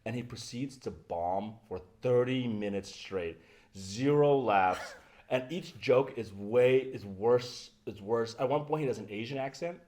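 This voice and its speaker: A man's voice: mid-range voice, unhurried, darkish tone. A man hosting a podcast, telling a story in casual chat and often laughing as he goes. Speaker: podcast host.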